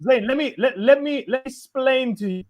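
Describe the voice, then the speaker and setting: A man, a fan panelist loudly trash-talking and swearing over the others. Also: extremely high pitch, moderate pace, highs cut off, over a noisy crowd. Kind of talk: heated football fan chat.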